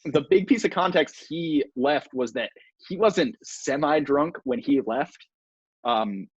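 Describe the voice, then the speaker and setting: A man's voice: a little high, lively intonation, a little slow, slightly rough, no echo. A young man co-hosting a podcast, animatedly recounting a story in casual chat and teasing his friend. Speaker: podcast co-host. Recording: dull, dry lo-fi mic.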